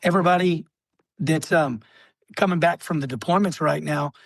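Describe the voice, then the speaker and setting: Husky-voiced man telling war stories. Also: a little high, normal speed, dry recording. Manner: rambling, with frequent fillers and throat clearing. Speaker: podcast guest, military veteran. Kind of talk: casual storytelling interview.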